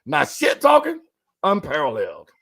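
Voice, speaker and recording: A man's voice: on the high side, wildly swooping pitch, normal speed, creaky, sharp tone, husky. A man in his fifties co-hosting a podcast in casual chat, boisterous, laughing often and swearing. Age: 50s. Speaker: podcast co-host.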